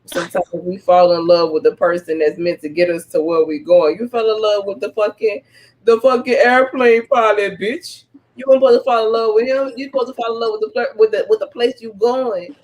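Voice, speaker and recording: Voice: medium pitch, flat delivery, fairly quick, a little mellow, poor audio. A podcast co-host in casual chat, blunt and joking, swearing a lot.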